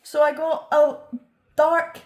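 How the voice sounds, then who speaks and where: A young Scottish woman telling a lively, laughing story to her mother in casual chat. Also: sits high, takes it slowly, slight background noise. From Scotland. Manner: animated, laughing, acts out quotes.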